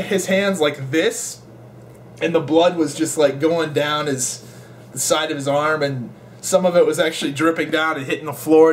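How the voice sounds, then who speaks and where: Young guy ranting a storytime vlog, kinda high voice, swears a ton, faint hum behind. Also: fairly bright tone. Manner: rambling, swears a lot, laughs while telling. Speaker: gaming vlogger.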